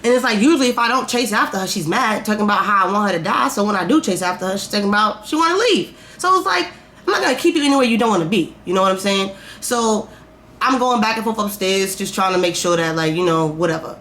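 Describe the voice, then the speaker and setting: A woman's voice: mid-range voice, expressive, fast talker, fairly bright tone. A woman vlogger telling a story in a candid, profane, rambling way, full of fillers. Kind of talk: casual storytime.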